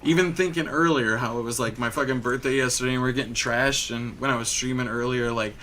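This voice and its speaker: A man's voice: medium pitch, steady tone, quick pace, pushed and bright, slight background noise. A young man from Michigan hosting a podcast, telling stories in a rambling, casual way with lots of filler and swearing. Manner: rambling storyteller, heavy filler "like", frequent swearing. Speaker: podcast host. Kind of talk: casual chat.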